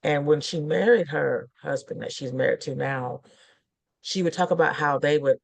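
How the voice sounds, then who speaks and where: A woman's voice: low voice, normal speed, creaky. A middle-aged woman minister chatting casually, rambling and laughing through her stories with lots of fillers. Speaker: guest minister. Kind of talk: casual chat.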